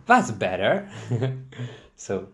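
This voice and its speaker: A man's voice: fairly low pitch, sing-song, extremely slow. A young man hosting his own podcast, rambling casually and mocking himself as he talks from a chair at home. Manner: rambling, self-mocking, many restarts and laughs. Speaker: podcast host. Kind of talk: casual solo podcast chat. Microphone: desk microphone, seated in a chair.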